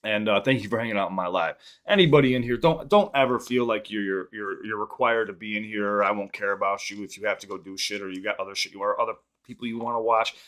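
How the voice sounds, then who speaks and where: A man's voice: on the low side, fast talker, few pauses, fairly bright tone. A young adult man from the Chicago area, hosting a casual live-stream podcast and reading out chat questions in a loose, profane, rambling way.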